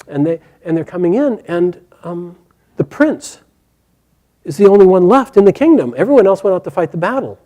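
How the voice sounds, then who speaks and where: A man retelling an epic story aloud in a lively, animated way, with casual fillers. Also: high-pitched, normal speed. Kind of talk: oral storytelling.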